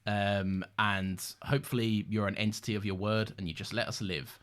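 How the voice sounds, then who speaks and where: A man's voice: on the low side, level tone, moderate pace, fairly bright tone. A man co-hosting a casual rewatch podcast, enthusiastic, reading from his notes and laughing often. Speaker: podcast co-host.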